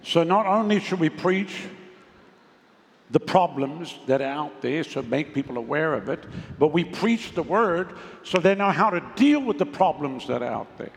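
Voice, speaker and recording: Male pastor, high gravelly voice, emphatic sermon delivery, lingering hall echo. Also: lively intonation, normal speed. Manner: emphatic preaching, asks the congregation for responses. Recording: long reverb of a large hall.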